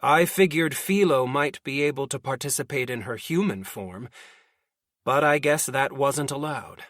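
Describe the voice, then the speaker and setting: Slow bright-voiced male narrator. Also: mid-range voice, dry recording, clean studio sound. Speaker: audiobook narrator. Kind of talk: first-person light novel reading.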